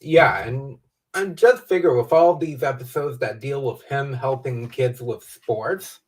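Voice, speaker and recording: Male co-host, measured halting chat, mid pitch, picked up from a distance. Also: noisy background. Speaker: livestream co-host. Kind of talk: casual fan discussion. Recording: distant from the mic.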